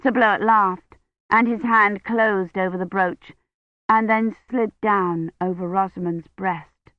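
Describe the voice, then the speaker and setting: A woman narrating an audiobook in a measured, steady way. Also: mid-range voice, dry recording, lo-fi sound. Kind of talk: scripted narration.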